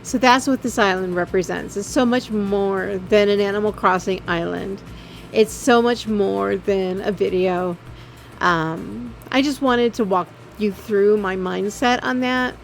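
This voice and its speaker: A woman narrating her gameplay video in a halting, heartfelt way, full of ums and visibly emotional. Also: mid-range voice, vocal fry, faint music behind. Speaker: game video creator. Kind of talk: casual voice-over narration of gameplay.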